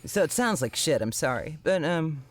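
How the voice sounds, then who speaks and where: A man co-hosting a podcast in casual chat, with a husky morning voice and a wry, rambling way of talking. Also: fairly high pitch, expressive, moderate pace, dry recording. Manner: wry, rambling, laughs often. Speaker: podcast co-host.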